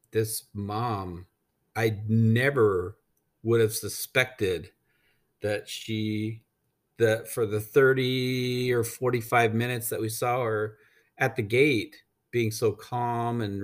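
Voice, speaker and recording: Here a man from the United States tells a casual travel tale at a slow pace, his fairly low voice mostly even in intonation. The delivery wanders, full of swearing and filler ums, and he doesn't mince words.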